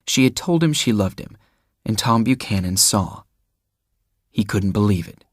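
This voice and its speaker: A man reads an audiobook aloud in a steady, measured storytelling style, recorded close to the mic. His pitch is fairly low, there's no echo, and the narration is scripted.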